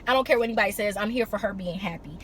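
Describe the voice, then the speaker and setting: A woman's voice: mid-range voice, racing, a little hiss or hum. A woman recapping a reality TV episode in a casual, chatty way, mixing summary with blunt, sassy opinions. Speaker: reality TV reviewer.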